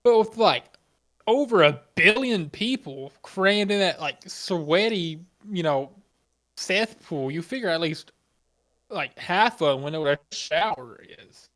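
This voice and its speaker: A man co-hosting a podcast, talking loosely in slang with many halting fillers. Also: high voice, animated, fairly bright tone. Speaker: podcast co-host. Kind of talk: casual chat.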